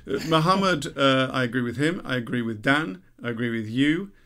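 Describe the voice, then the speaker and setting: A man's voice: medium pitch, animated, a little fast, sharp tone. A man co-hosting a podcast, reading listener letters aloud with frequent laughs and restarts. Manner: chatty, laughs often, stumbles and restarts while reading. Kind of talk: casual chat.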